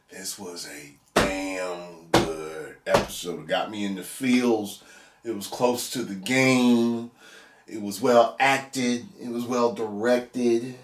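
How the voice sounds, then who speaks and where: Male show reviewer, casual and animated, with a swooping pitch that rises and falls a lot; recorded in a roomy space. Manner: animated, laughs often, bursts into whoops. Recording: echoey room.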